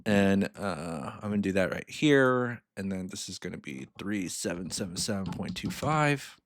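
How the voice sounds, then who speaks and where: A man's voice: deep voice, expressive, moderate pace. A man in a casual walkthrough of loan calculations, rambling and chuckling at himself as he goes. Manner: rambling, self-amused, chuckles often. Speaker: finance mentor. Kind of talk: casual screen-share walkthrough.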